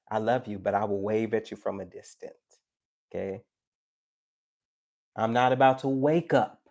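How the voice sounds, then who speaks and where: A man giving a tarot live stream, talking casually and animatedly to his chat, preachy and joking. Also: medium pitch. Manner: animated, preachy and joking, with teasing asides to viewers.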